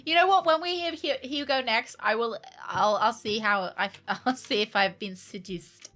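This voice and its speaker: A woman's voice: a little high, unhurried, sharp tone. A young woman streaming a game, chatting casually and joking with frequent laughter. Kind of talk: casual chat while gaming. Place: home room.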